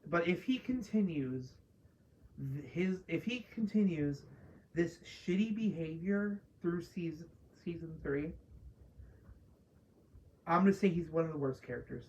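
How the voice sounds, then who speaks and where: A woman reviewer rants about a show in a loose, casual way, cursing freely and mocking characters. She talks slowly, with a slightly low voice. The recording sounds dull and lo-fi. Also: expressive, a little mellow, slight background noise. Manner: profane, exasperated, mocking mimicry. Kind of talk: casual spoiler review rant.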